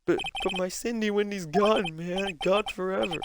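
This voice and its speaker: A man's voice: medium pitch, expressive, measured pace, very noisy, natural voice. A man voicing a goofy, overdramatic young man with a whiny, drawling way of talking. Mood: mopey. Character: goofy, dramatic young man, a lovesick slacker. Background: loud game music.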